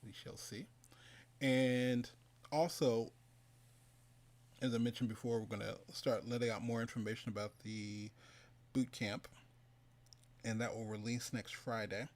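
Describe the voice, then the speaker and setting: A man's voice: mid-range voice, fairly even intonation, unhurried, long pauses, darkish tone. Man, livestream host, casual interview, joking, chatty. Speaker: summit host.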